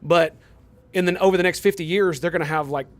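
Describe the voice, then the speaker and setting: A young male game streamer chats with his viewers but gets heated and profane as he argues, firing rhetorical questions back at the chat. His voice sits a little higher than most men's, and he talks fast.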